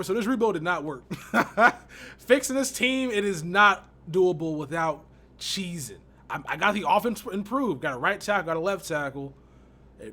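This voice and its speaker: A man's voice: on the high side, fairly bright tone, a little hiss or hum. A young man from Texas giving casual, slangy commentary on a sports video game, exasperated and laughing often. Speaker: gaming YouTuber.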